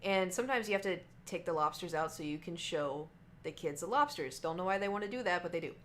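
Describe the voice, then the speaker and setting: A woman's voice: fairly low pitch, expressive, quick pace, fairly bright tone, slight background noise. A young woman streamer rambling through work stories in a chatty way, full of "like" and restarts. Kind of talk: casual storytelling.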